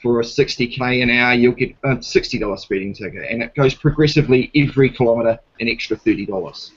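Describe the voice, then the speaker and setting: A man's voice: medium pitch, quick pace, breathy edge, muffled recording. A man with a New Zealand accent talking in a casual debate, blunt and swearing, retelling a police stop and playing both sides of it. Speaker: guest.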